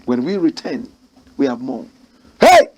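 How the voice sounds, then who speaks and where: A man's voice: a little high, lively intonation, a little slow, noisy background. A man from Ghana hosting a current affairs show, reading news quotes aloud and commenting emphatically, repeating key phrases.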